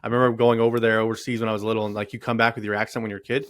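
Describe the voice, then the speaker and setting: A man's voice: on the low side, level tone, racing, no room sound, clean studio sound. A Canadian man co-hosting a sports betting podcast, bluntly rattling off odds and picks. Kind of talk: casual sports chat.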